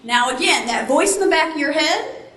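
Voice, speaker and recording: High, bright-voiced woman telling a story on stage. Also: normal speed, roomy sound, recorded from a distance. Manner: animated, acts out quotes, jokes with the crowd. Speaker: motivational speaker. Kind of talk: keynote storytelling to a live audience.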